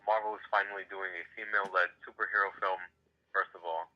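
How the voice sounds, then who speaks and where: A man's voice: low-pitched, fairly even intonation, fast talker. A man who is a guest in a casual podcast chat, filling his talk with "like" and "you know". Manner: lots of "like" and "you know" fillers. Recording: dull lo-fi sound.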